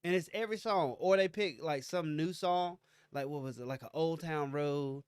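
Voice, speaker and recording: A young adult man co-hosting a casual chat, telling animated, slangy stories and acting out what people said. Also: on the high side, normal speed, smooth, dry recording, studio quality. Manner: animated storyteller, acts out quotes, slangy. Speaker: podcast co-host.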